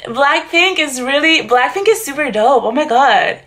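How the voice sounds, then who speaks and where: A young adult woman hosts an excited YouTube reaction vlog in a high-pitched, slightly bright, expressive voice at normal speed. She's bubbly and slangy, saying "like" in nearly every sentence.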